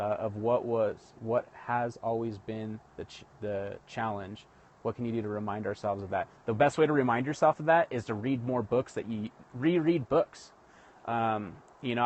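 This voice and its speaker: Guy on a livestream chatting about rapport, mid-pitch voice, keeps restarting his sentences. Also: darkish tone. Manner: conversational, restarts often, addresses viewers directly. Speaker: livestream host teaching sales rapport. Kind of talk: casual livestream teaching. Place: live stream broadcast.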